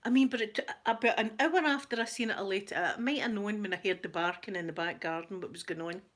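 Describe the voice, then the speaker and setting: Scottish woman, casual vlog chat into a laptop, chatty, self-deprecating, quick to laugh. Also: mid-range voice, fairly bright tone. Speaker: ASMR vlogger.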